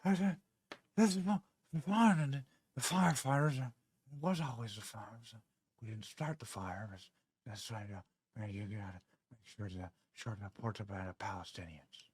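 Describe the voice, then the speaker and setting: A man's voice: fairly low pitch, a little slow, a little mellow, husky, no echo, pitched below the performer's own voice. A man putting on a mumbling, confused elderly male politician with a slack mouth, who never finishes a sentence.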